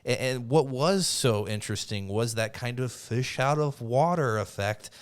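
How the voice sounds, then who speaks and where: A podcast co-host rambles enthusiastically through his retellings in casual chat. His medium-pitched voice is clean and runs a little slow.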